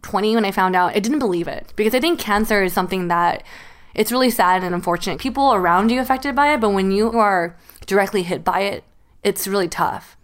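A woman's voice: mid-range voice, brisk. A woman in her late twenties, a podcast host, telling a painful family memory in casual chat, close to tears and full of "like" fillers. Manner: emotional, tearful storytelling with many "like" fillers.

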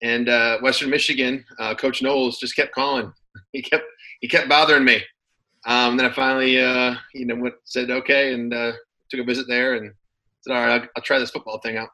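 A man in his thirties, a former football player, telling his story in a relaxed casual interview, with many fillers and restarts. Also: mid-range voice, brisk, poor audio.

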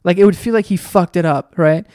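A podcast host riffing through a profane, rambling comedic monologue with animated storytelling. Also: medium pitch, a little fast, no echo, studio quality.

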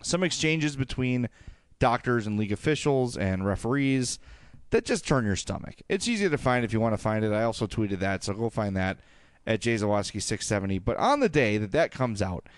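Male podcast co-host, clean resonant voice, dry booth sound, ranty and animated. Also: on the low side, brisk, clear, resonant tone, no echo. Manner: animated, ranting, jokey asides. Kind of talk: casual sports podcast chat.

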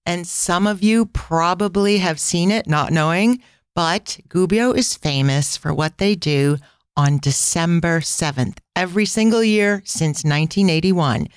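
A woman's voice: on the low side, smooth, no room sound, clean studio sound. A woman hosting a casual travel podcast, telling stories in a chatty way with tangents and asides. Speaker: podcast host.

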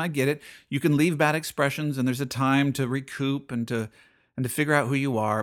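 Middle-aged male podcast host, slightly higher voice, earnest and searching, restarts and repeats lines. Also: fairly bright tone. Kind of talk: personal faith reflection.

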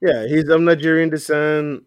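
A man co-hosting a casual wrestling chat, animated and laughing often, breaking into mock voices. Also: a little high, moderate pace, smooth, no room sound. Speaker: podcast co-host.

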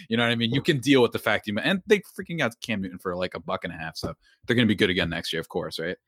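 Lowish in pitch and rapid-fire with few pauses, this young host rambles through casual sports talk on his podcast, animated and constantly restarting or veering into asides. The studio sound is clean, with no echo.

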